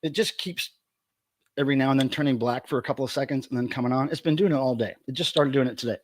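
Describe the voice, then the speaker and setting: A man's voice: medium pitch, fast talker, dry recording. A man hosting a casual livestream from home, playfully greeting viewers one by one. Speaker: livestream host.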